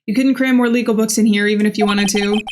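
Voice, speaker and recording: A woman's voice: mid-range voice, fairly even intonation, quick pace, noisy background, natural voice. A woman reading the lines of a wry, earnest young male defense lawyer in her own voice during a game playthrough. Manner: plain reading with dry asides. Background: game music.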